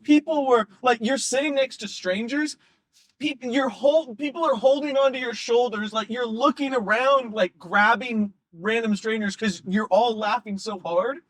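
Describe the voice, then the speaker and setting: A comedian chatting on a podcast, telling a rambling, animated story and breaking into laughter. His voice sits high for a man, and the sound is close and dry. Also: moderate pace, dry recording. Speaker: comedian guest. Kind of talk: casual chat, storytelling.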